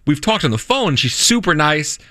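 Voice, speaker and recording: A man's voice: fairly high pitch, big pitch swings, normal speed, bright, forceful tone, no room sound, studio quality. A young adult man hosting a radio show, telling a story in casual chat and often restarting his sentences. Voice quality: rambling, self-interrupting storyteller.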